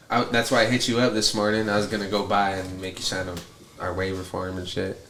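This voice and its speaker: A man's voice: low-pitched, completely flat delivery, a little fast, fairly bright tone. Mumbling man in an echoey room. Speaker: podcast co-host. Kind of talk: casual chat with friends. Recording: echoey room, faint background noise.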